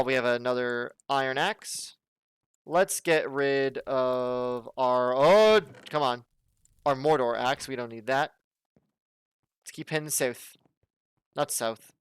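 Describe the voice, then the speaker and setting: Brief: a chatty, jokey man from the southern United States as a let's play host, with a smooth voice. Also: mid-range voice, a bit bright, dry recording. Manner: chatty, jokey, thinking aloud. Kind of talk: casual gameplay commentary.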